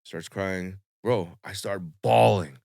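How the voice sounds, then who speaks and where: A young man telling a long personal story on a podcast in a casual, animated way, full of swearing and fillers. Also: sits low, slow pace, creaky, no echo, clean studio sound. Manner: animated, swearing, lots of fillers, acts out quotes.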